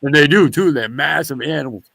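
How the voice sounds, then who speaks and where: A man's voice: on the high side, brisk, creaky, sharp tone, dry recording. Profane, rambling New storyteller man. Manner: restarts and backtracks often. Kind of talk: casual storytelling.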